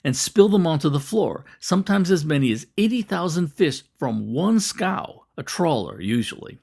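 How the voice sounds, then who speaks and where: A man's voice: fairly high pitch, big pitch swings, normal speed, vocal fry, a little mellow, slightly rough, voice pushed up, heavily acted. A man reading an eager young cannery worker. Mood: earnest.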